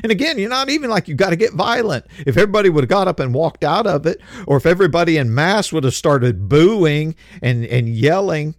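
A man's voice: a little high, animated, a little fast, hardly any pauses, no room sound, studio quality. A man giving a heated, emphatic opinion monologue, stumbling on repeated words when worked up. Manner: heated, emphatic, with mocking impressions of others; repetitive restarts when worked up. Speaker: commentator.

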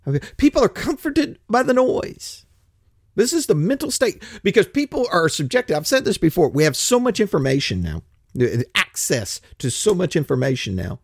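A grumpy older man holds forth in a ranting monologue, mimicking other people as he complains. His voice sits high and rough, swinging widely in pitch. The sound is close and dry. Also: very animated, a little fast, no room sound. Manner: grumpy, blunt, swears, acts out other voices.

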